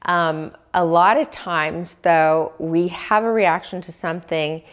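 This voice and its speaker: A woman with a somewhat low voice gives a reflective self-help talk on wellness. She speaks very slowly and gently, often pausing to ask the listener questions about their inner life. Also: fairly even intonation. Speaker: dietitian giving wellness tips.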